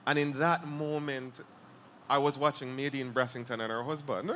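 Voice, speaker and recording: A man's voice: medium pitch, fairly even intonation, normal speed, a bit bright, a little hiss or hum. A man with a Jamaican accent interviewing a writer, thoughtful, laughing easily and framing long questions. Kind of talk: conversational interview at a literary event.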